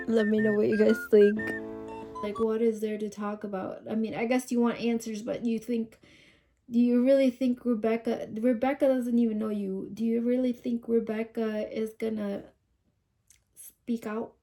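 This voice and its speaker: A woman's voice: fairly high pitch, flat delivery, moderate pace, mellow, faint music behind. A woman hosting a casual commentary channel, musing aloud and asking rhetorical questions.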